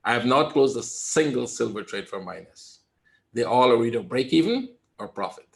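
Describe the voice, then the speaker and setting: A man giving live trading commentary in a webinar, calm and reassuring, repeating his points and often asking "right?". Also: mid-range voice, normal speed, vocal fry. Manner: emphatic, talks straight to viewers. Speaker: trader teaching a webinar.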